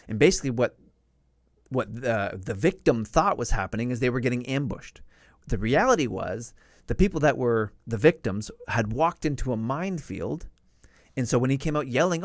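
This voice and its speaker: A middle-aged man spins a story for his live stream audience, raising his voice sharply whenever he acts out someone shouting. His voice sits at an ordinary pitch. The sound is dry and close, with no room around it. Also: normal speed, no room sound. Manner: animated storyteller, acts out shouted quotes in a raised voice.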